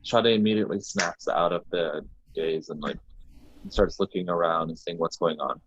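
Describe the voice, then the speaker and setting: A man's voice: low voice, moderate pace, a bit bright, dry recording. A man playing a tabletop game, hesitantly describing his character with many fillers. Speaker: player. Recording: dull muffled recording.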